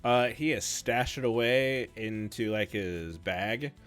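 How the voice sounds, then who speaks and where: A man running a tabletop game as game master, narrating the scene in a relaxed, playful way. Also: on the low side, slow, faint music behind.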